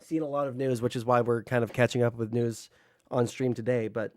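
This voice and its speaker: A man's voice: mid-range voice, fairly even intonation, brisk, a little mellow, no room sound, clean studio sound. Casual swearing male livestreamer. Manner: rambling, filler-heavy, swears freely; talks to chat, unfiltered. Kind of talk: casual livestream chat with viewers.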